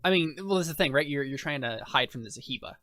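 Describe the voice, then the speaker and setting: A man's voice: a little high, animated, quick pace, pushed and bright, slight background noise. A man narrating as game master in a tabletop game, casual and hesitant, with many fillers.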